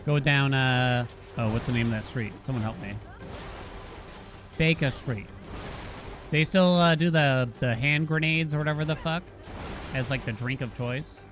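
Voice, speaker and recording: A man with a Boston accent rambles and jokes with his viewers while he plays, cursing freely. His voice sits mid-range, and game music plays clearly behind him. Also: mid-range voice, moderate pace, long pauses. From Massachusetts. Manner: joking, rambling, swears freely. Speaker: streamer. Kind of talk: casual gameplay chat with viewers.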